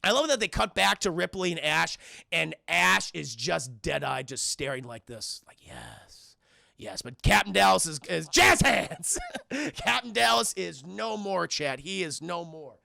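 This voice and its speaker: A man streams a casual film breakdown, talking straight to his chat in an excitable, profane rush. His voice sits high and heavy with fry, with a bright, forceful edge. The sound is close and dry. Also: moderate pace, no room sound. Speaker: film reviewer streaming live. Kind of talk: casual spoiler retelling to a live chat.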